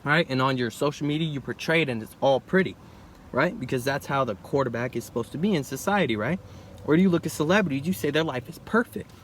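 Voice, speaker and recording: A young man thinks out loud in a loose, rambling way, often tossing in "bro" and "right?" as he goes. His voice sits at an ordinary middle pitch. A faint hiss runs under the recording. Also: fast. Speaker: vlogger. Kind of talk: casual reflective monologue.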